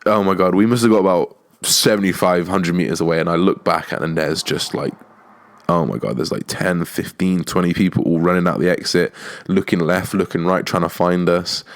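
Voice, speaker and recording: A young man hosting a podcast, telling a story in a casual, animated way and swearing often. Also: low voice, a little fast. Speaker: podcast host.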